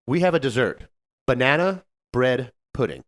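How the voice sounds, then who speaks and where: A man co-hosting a podcast, telling a story about a difficult customer in a casual, animated way and acting out what people said. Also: medium pitch, moderate pace. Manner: animated, acts out customer quotes. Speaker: podcast co-host, server.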